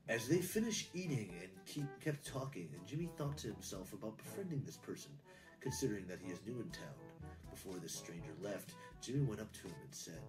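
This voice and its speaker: A man's voice: fairly low pitch, big pitch swings, a little fast, far from the mic, over music, poor audio. Young man reading aloud from off-mic. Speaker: friend reading a fan fiction aloud.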